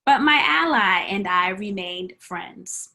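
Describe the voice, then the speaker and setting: Woman preaching a story in church, slow and dramatic, bright highish voice, does the voices, goes to whispers sometimes. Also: animated. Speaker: guest preacher. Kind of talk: storytelling sermon. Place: church sanctuary.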